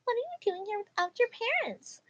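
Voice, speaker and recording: A woman voicing a shrill, entitled middle-aged mother who scolds in a high, indignant voice. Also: big pitch swings, brisk, fairly bright tone, heavily acted. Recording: dull lo-fi mic.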